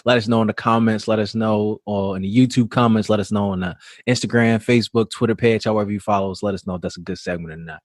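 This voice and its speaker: A man's voice: fairly low pitch, fairly even intonation, fast talker, hardly any pauses, no echo, clean studio sound. A young man co-hosting a casual podcast, playful and slangy. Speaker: podcast co-host. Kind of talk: casual chat.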